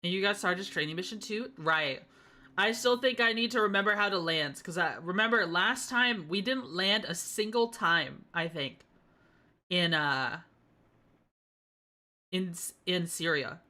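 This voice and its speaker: A woman's voice: lowish voice, expressive, unhurried, pushed and bright. A woman streaming a flight game, chatting casually with her viewers, playful and laughing often. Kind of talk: casual gaming stream chat.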